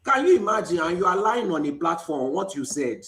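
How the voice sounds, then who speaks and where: High, swooping, accusing man. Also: sing-song, fairly quick, fairly bright tone. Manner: accusing, insistent, stammering restarts. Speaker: debate participant. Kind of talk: heated online debate.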